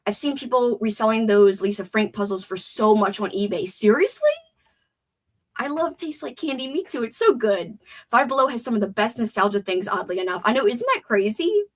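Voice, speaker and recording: Woman, stuffed-up nose, wordy livestream host, chatty, fairly high voice. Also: big pitch swings, brisk. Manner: chatty, wordy, reads out chat comments. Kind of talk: casual livestream chat.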